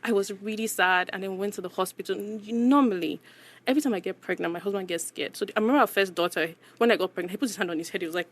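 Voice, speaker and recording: A woman's voice: medium pitch, very fast, dry recording. Guest voice: woman, 30s, conversational, candid, lots of fillers. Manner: candid and chatty, full of "you know" and "like". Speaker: podcast guest. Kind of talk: casual interview storytelling.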